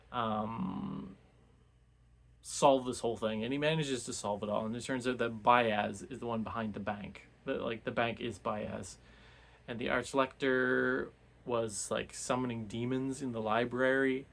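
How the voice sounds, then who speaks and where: A man's voice: mid-range voice, gravelly, fairly bright tone. A man giving a casual, rambling recap of a novel for a book club, full of restarts and fillers.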